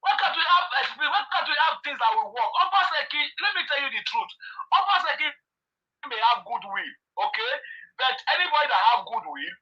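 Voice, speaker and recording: High-pitched man on a muffled line. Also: sing-song. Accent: Nigerian Pidgin English. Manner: passionate, rapid rhetorical questions. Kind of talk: casual political chat.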